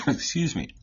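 A man's voice: a little high, sharp tone, muffled recording, slight background noise. A man explaining a scripture passage in a conversational teaching style, going step by step and often checking in with his listeners. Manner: explains step by step, keeps asking "right?". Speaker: Catholic Bible teacher.

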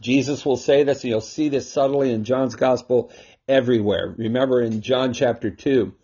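Male host and Bible teacher, husky timbre, mid-pitched, emphatic, dull home recording. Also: normal speed, warm tone. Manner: emphatic, with frequent rhetorical "right?". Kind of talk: casual scripture teaching talk.

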